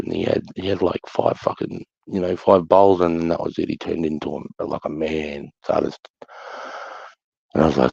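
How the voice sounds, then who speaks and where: A man's voice: low-pitched, little pitch movement, normal speed, gravelly, dark tone, slightly rough, no echo. A middle-aged Australian man telling stories in casual chat, blunt and sweary. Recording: dull lo-fi sound.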